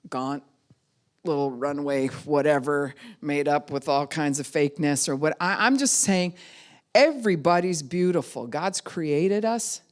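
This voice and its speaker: A woman pastor teaching a class in a conversational way, acting out other people's words in quick voices. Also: deep voice. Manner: conversational, with frequent "you know" and "right?".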